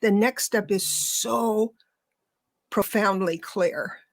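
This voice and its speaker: A woman's voice: mid-range voice, slow, no echo. Woman host chatting on a podcast, dry close sound, laughs a lot. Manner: chatty, laughs easily, restarts sentences. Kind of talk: conversational interview.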